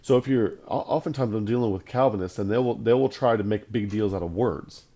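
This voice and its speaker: A man with a low, mellow voice gives a Bible lesson in a plain conversational way. He leans hard on his points, saying key phrases again and again to drive them home. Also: fairly quick. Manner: emphatic, conversational, repeats points for stress. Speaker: Bible teacher.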